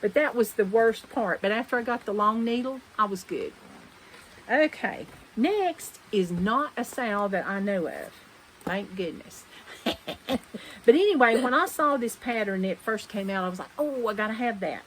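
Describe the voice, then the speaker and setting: A woman's voice: mid-range voice, animated, unhurried, slight background noise, poor audio. A woman chatting casually at home about her cross-stitch projects, rambling and correcting herself as she goes. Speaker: cross-stitch vlogger host. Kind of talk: casual show-and-tell chat.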